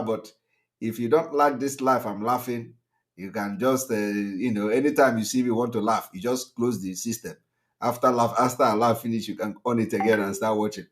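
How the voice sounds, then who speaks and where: Man hosting a call-in show. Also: medium pitch. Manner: laughs often, talks with many fillers. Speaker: host. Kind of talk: casual live call-in show.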